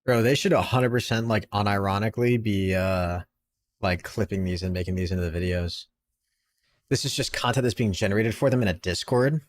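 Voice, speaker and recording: A man's voice: on the low side, a little fast. A young man reacting live to clips, casual and incredulous, often stammering. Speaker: reaction streamer.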